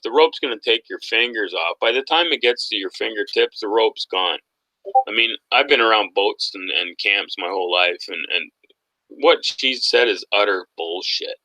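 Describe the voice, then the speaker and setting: A man hosting a casual online talk show, animated and mocking, laughing often as he goes. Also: fairly low pitch, normal speed, dry recording, poor audio. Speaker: podcast host. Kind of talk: casual conspiracy talk chat.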